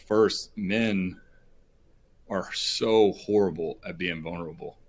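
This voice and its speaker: Deep-voiced man telling a heartfelt story. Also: slow. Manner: earnest, rambling, with many fillers and restarts. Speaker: podcast guest. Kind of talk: emotional personal storytelling.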